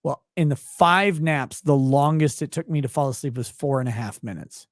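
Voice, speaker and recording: A man telling a story as a guest in a casual conversation. He talks in an animated, profane way, laughs often, and sounds tired, yawning as he talks. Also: medium pitch, normal speed, dry recording, studio quality. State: tired, yawning while talking. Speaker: podcast guest.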